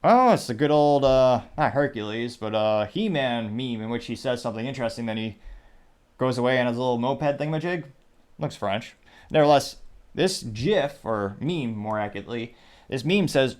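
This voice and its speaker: A man's voice: medium pitch, animated, moderate pace. A man hosting his own commentary show, reading social media posts aloud in a wry, rambling way with asides. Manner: wry, rambling, reads quotes aloud with "quote, unquote". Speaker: show host.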